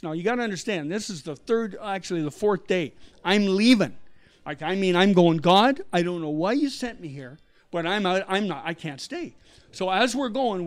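A middle-aged man from Canada, a missionary guest telling a story with animated delivery and acted-out quotes. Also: high-pitched. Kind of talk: storytelling interview.

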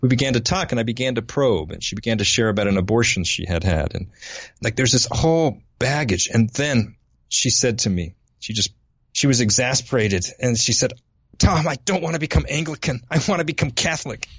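A man from the United States, a podcast co-host, telling a parish story casually in a halting way, often repeating words. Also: medium pitch, animated, slightly rough, no room sound. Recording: dry, slightly dull lo-fi recording.

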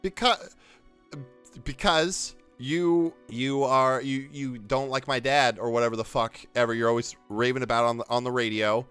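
A man's voice: medium pitch, steady tone, moderate pace, fairly bright tone, clean tone, faint music behind, close to an everyday voice. A man voicing an angry, suspicious teenage boy who swears and stammers in a tabletop role-play.

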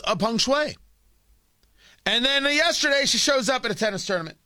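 Radio host guy ranting, high bright voice, dry close studio sound. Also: no echo. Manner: emphatic, swings from loud scolding to low asides. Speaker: radio talk show host. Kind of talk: opinionated talk radio monologue.

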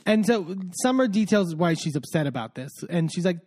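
A man with a high, very lively voice recaps a reality show for his podcast. He tells it in an animated way, acting out what each person said. The talk is casual and chatty. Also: fairly quick, hardly any pauses. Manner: animated storyteller, acts out quoted lines. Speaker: podcast host.

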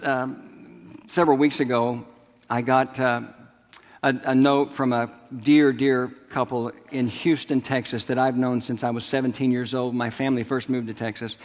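Man preaching in a reverberant hall. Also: mid-range voice. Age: middle-aged. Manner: storytelling, asks the congregation to respond. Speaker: pastor. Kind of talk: sermon. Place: large church sanctuary.

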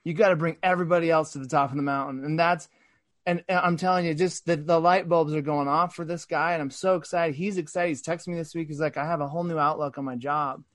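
A man in a business podcast conversation, telling a workplace story in an earnest, animated way with frequent restarts. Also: on the high side, fast talker, dry recording, studio quality. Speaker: sales executive guest.

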